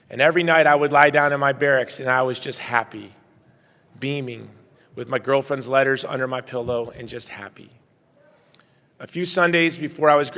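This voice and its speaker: A middle-aged man delivers a heartfelt keynote speech, telling his own story in an earnest, personal way. His voice sits at an ordinary pitch and swings between hushed passages and loud bursts. A long reverb from the large banquet hall trails every phrase. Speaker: keynote speaker.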